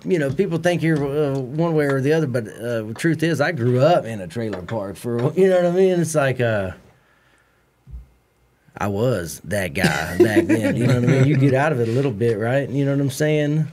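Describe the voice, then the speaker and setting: A man's voice: mid-range voice, lively intonation, moderate pace, darkish tone. A man, a comedian guest telling rambling, laughing stories in casual podcast chat. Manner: rambling, laughing, slangy storytelling.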